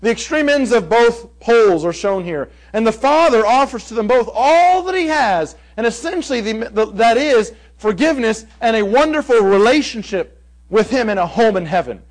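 High-voiced man preaching a sermon. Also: lively intonation, rough recording. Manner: emphatic, swings from loud stresses to hushed asides; rhetorical questions, drawn-out quoted lines. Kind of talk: expository sermon.

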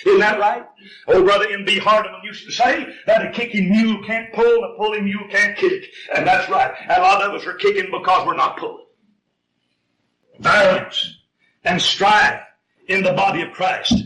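Male preacher, emphatic and folksy, high-pitched, heard from a distant mic in a roomy hall. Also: bright, forceful tone, slight background noise. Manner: emphatic, folksy, with rhetorical questions. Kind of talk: sermon.

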